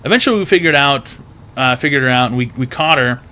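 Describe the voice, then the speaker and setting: A man's voice: medium pitch, lively intonation, quick pace, bright, forceful tone. A man hosting an advice stream who tells rambling, profane stories packed with "like" and other filler words. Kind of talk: casual storytelling.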